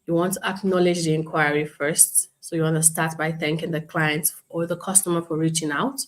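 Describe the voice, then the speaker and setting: A woman instructor teaching an online class, speaking calmly and professionally, acting out customer calls as examples. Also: deep voice, fairly quick. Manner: calm, explains with role-played customer examples. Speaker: bootcamp instructor.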